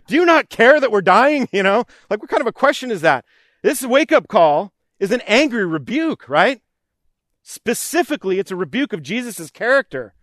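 A man's voice: high-pitched, a bit bright, dry recording, clean studio sound. A man preaching a sermon in an earnest, repetitive cadence, now and then acting out anxious pleas. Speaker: pastor.

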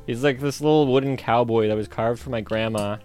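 A man's voice: mid-range voice, steady tone, fairly quick, darkish tone, clear, resonant tone, faint music behind. A man co-hosting a podcast, chatting casually and jokingly with a friend. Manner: laid-back, jokey, breaks into sung snippets. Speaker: podcast co-host. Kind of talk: casual chat.

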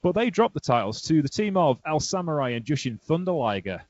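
A man hosting a casual wrestling podcast, chatty and animated, laughing often as he tells stories. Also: on the high side, brisk. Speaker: podcast host. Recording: dry, dull lo-fi sound.

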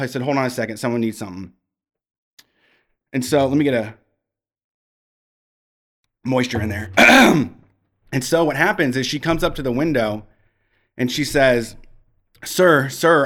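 A man in casual storytelling mode on a podcast, talking frankly and swearing freely. He rambles, restarts his sentences and lands at a middle pitch. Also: a bit bright.

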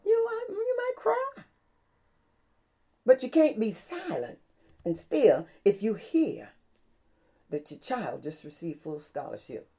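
A woman preacher delivers a sermon, her voice leaping from loud cries to hushed whispers. She speaks slowly and unhurriedly in a lowish voice with very lively pitch.

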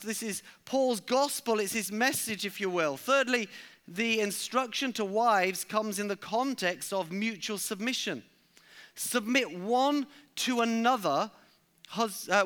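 A man's voice: sits high, sharp tone. A male preacher delivering a sermon, emphatic, and repeating key lines for stress.

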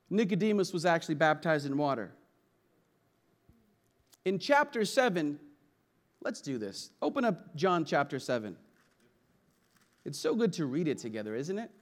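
A male pastor preaching a sermon in a church, energetic and conversational, calling on the congregation to respond. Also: high-pitched.

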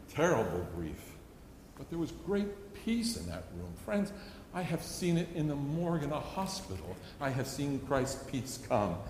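A man's voice: a little high, a little mellow, a little hiss or hum. A middle-aged man preaching a sermon, telling stories earnestly and acting out a child's pleading. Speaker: pastor. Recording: echoey hall with long reverb.

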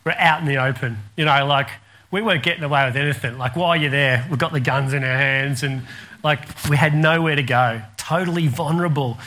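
A man with an Australian accent preaching a sermon, telling a lively story and laughing as he goes. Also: a little high, brisk. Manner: animated storyteller, laughs through anecdotes. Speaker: pastor.

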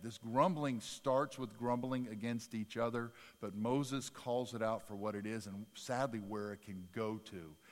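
A pastor preaches a sermon in a church sanctuary, animated and full of folksy, self-deprecating humor. He swings between soft asides and loud, emphatic bursts, his medium-pitched voice carrying a big-room sound.

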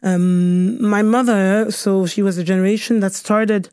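A woman's voice: medium pitch, fairly even intonation, measured pace, dark tone, clean tone, no room sound, clean studio sound. A researcher from Cameroon, a woman, answering interview questions thoughtfully, with many fillers and restarts. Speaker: researcher guest.

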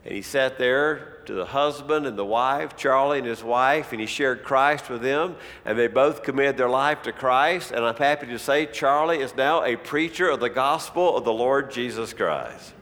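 A man's voice: normal speed, few pauses, fairly bright tone, in a large hall. A man preaching a sermon, telling a story and acting out the quoted lines of its people. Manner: storytelling, acts out quoted speech with rising pitch.

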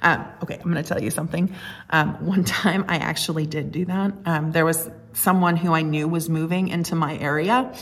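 A woman's voice: deep voice, steady tone, brisk. A woman pastor giving a conversational sermon, earnest and reflective, telling stories with a touch of humor.

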